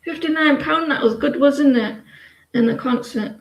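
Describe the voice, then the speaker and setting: Lady in her 40s doing a tarot live, rambly and halting, kinda high voice, echoey room. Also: muffled recording. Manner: rambling, halting, full of fillers and restarts. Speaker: tarot reader. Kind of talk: live-stream tarot reading and casual chat.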